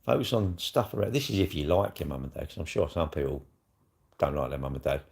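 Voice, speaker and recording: A middle-aged man with a South East London accent talks on a live stream in a very deep voice with a gravelly edge. He rambles along bluntly, swearing freely as he chats. The talk is casual and unscripted. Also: fast, darkish tone.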